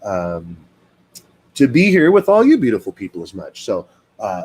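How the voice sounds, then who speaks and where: A man hosting a casual live stream as a dog trainer, talking to viewers in an animated, fired-up way with plenty of fillers. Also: lowish voice, normal speed, husky.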